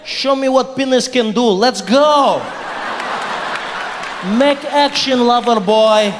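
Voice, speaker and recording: A man's voice: extremely high pitch, slow pace, crowd noise, noisy background, voice pushed up. A man doing a blunt Russian-accented woman. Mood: commanding. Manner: flat, blunt commands. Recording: echoey hall with audience.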